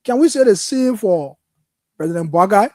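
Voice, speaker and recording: A man's voice: sits high, expressive, moderate pace, a little mellow, dry recording. A man with a Liberian accent hosting a political call-in show, talking in an impassioned, frustrated way. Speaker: radio call-in host. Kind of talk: political talk show commentary.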